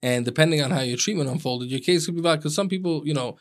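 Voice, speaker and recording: A man's voice: a little high, quick pace. A man who is a personal injury attorney, explaining legal points with examples in casual podcast chat.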